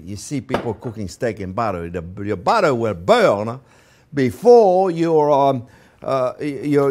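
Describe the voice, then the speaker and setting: An older man hosting a cooking show, demonstrating a recipe in an animated, emphatic way, repeating words for stress and calling his viewers friends. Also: mid-range voice. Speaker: chef and cooking show host.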